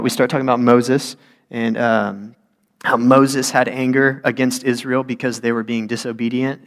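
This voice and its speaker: Young adult man, pastor, casual sermon, chatty preaching, fillers, mid-pitched voice. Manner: conversational, acts out whiny voices, grows heated.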